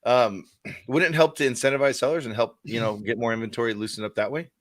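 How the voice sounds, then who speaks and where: A man's voice: mid-range voice, fairly even intonation, quick pace, no room sound, studio quality. A man co-hosting a casual real estate podcast, musing and joking sarcastically. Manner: sarcastic, musing, thinks aloud. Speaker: podcast co-host. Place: California.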